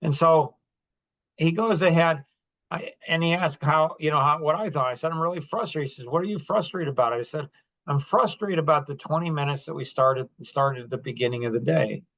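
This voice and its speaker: A man's voice: a little high, a little fast, fairly bright tone. A middle-aged man hosting a podcast, telling a personal story in a rambling, conversational way, earnest and a little apologetic. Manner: rambling, conversational, with many restarts and asides. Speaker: podcast host. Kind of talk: casual storytelling monologue.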